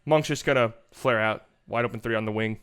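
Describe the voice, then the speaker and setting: A young man breaking down basketball game film in a casual, animated way, laughing and mocking the plays as he goes. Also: lowish voice, brisk, clear, resonant tone. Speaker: basketball analysis host.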